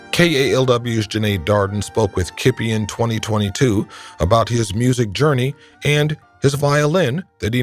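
A man hosting a radio program, reading a scripted introduction in a measured, even way. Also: on the low side. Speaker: radio host. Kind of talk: scripted news narration. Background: faint music.

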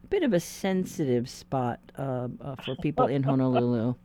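Mellow-voiced public radio host, a woman. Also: a bass voice, expressive. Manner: measured, halting with fillers in chat.

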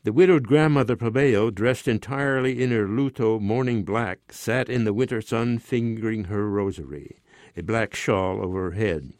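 A man reading a short story aloud in a measured, even narration. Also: on the low side, no echo, clean studio sound. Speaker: story reader. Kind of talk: scripted narration.

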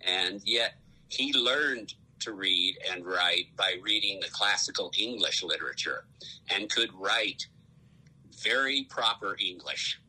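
A male guest chatting in a halting way, often searching for words. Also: low voice, lively intonation, sharp tone, husky, poor audio. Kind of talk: casual chat.

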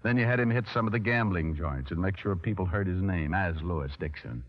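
A man's voice: sits low, fairly quick, lightly acted. A man playing a cocky, wisecracking private detective in an old radio drama, with a teasing manner. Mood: accusing. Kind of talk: 1940s radio drama acting. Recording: muffled old radio broadcast.

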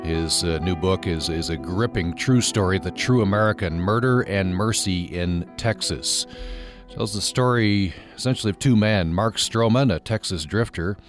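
A man's voice: low voice, normal speed, soft background music. A man hosting a radio interview show, speaking hesitantly with many uhs. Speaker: radio host.

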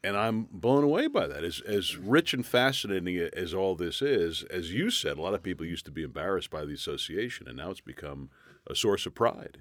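A man from New York speaks as a guest on a radio show, with a low voice that swings up and down as he tells enthusiastic stories. He restarts his sentences often. He is recorded in a dry studio. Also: big pitch swings, brisk, fairly bright tone, no echo. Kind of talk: radio interview.

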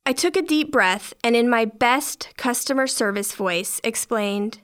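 A woman's voice: a little high, measured pace, hardly any pauses, fairly bright tone. Wry middle-aged woman telling a story. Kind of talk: first-person story narration.

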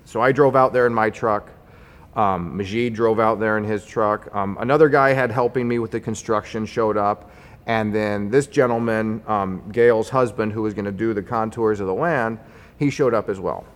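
A man telling a personal story in a conversational, wry way, getting animated as he recounts it. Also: fairly low pitch, normal speed. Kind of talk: personal story told to an audience. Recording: long hall reverb.

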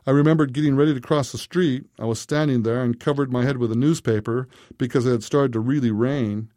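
A man narrating a first-person story in a steady, unhurried way. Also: mid-range voice, dry recording, clean studio sound.

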